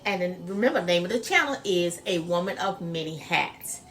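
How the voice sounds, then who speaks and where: A woman's voice: on the low side, lively intonation, brisk, a bit bright. A woman chatting folksily to her viewers as she cooks in her home kitchen. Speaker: cooking vlogger. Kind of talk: casual cooking demo chat. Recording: noisy home recording.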